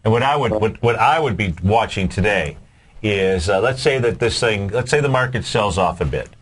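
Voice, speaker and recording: Lower-pitched male co-host, explanatory, hesitant casual delivery. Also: animated, husky. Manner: explanatory, halting with many uhs. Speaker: co-host of a market show. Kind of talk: casual trading advice.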